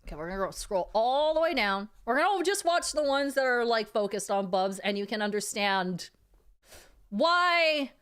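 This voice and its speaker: A woman's voice: a little high, fairly bright tone, clean tone. A woman streamer chatting casually with her viewers. She gets worked up easily, swears freely and often repeats her phrases.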